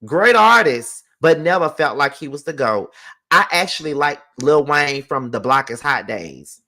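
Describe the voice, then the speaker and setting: A man's voice: on the high side, expressive, measured pace, bright, forceful tone. A man hosting his own vlog, ranting heatedly with plenty of profanity and repetition, speaking from home. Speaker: vlogger host. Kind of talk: casual ranting vlog commentary.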